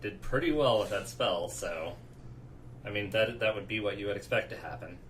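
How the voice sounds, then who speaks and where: A man's voice: on the low side, moderate pace, slight background noise, rough recording. A man playing at a tabletop game, thinking aloud about his dice rolls. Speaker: player. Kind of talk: casual chat at a tabletop game.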